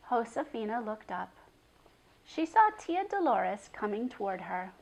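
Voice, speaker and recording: A woman reading a children's chapter book aloud, expressive, with hushed drops for suspense. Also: fairly high pitch, a little slow, gravelly, low-quality recording. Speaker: storyteller.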